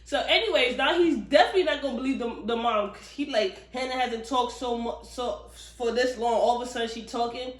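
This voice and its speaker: Woman book reviewer, lively and profane, roomy space. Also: fairly high pitch, a little fast, few pauses. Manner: animated, profane, chatty storytelling. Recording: roomy echo.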